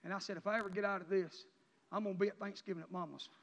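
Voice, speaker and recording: Male preacher, high-pitched and impassioned, dull recording with long church reverb. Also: fairly even intonation, rapid-fire, creaky. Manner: impassioned, rising to near-shouts then dropping low. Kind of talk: emotional sermon testimony. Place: church sanctuary.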